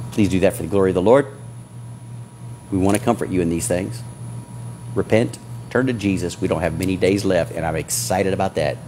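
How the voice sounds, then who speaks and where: Pastor, male, low register, impassioned sermon delivery over light background noise. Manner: preaching with rising fervor, exhorting.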